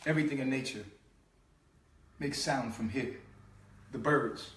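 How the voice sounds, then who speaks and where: Speaking a little slowly in a medium, slightly bright voice, this man gives a fervent spiritual lesson in street slang. He's emphatic, repeating and drawing out sounds for effect. The mic sits far off in an echoey room.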